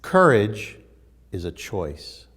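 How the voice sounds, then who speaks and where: A man teaching in a casual spiritual talk, emphatic and animated as he tells stories. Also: fairly low pitch, extremely slow, husky.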